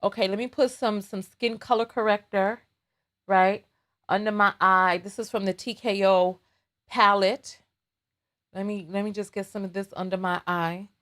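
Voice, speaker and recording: A woman's voice: medium pitch, fairly even intonation, moderate pace, a bit bright. A woman hosting a casual live stream while doing her makeup, teasing viewers in a playful, dramatic way.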